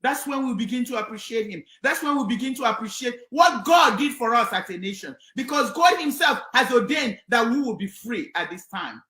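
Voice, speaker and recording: A Nigerian woman holds forth on air with fervent, preacherly conviction, her high voice often rising to a shout. Her tone is bright and ringing. The recording carries a roomy echo. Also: lively intonation, a little fast, hardly any pauses. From southeastern Nigeria. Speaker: commentator on air. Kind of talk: impassioned on-air commentary.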